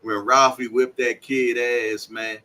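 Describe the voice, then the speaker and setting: A middle-aged man hosting a podcast, chatting casually and telling animated stories full of acted-out quotes and laughter. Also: mid-range voice, measured pace. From Washington, D.C. area. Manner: animated storyteller, acts out quoted voices, laughs often. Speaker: podcast host. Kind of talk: casual storytelling chat.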